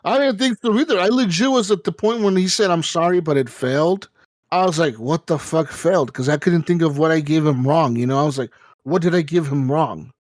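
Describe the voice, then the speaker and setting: A man co-hosting a gaming podcast, ranting in a casual, profane and animated way. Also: on the high side, brisk, no echo, studio quality. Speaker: podcast co-host. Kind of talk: casual chat.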